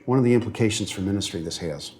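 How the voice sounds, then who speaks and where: A man's voice: on the low side, racing, warm tone, slight background noise. A man lecturing as a seminary professor in a classroom, earnest and at times emotional, often checking whether his students follow. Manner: earnest, grows emotional on moving points; frequent fillers and restarts.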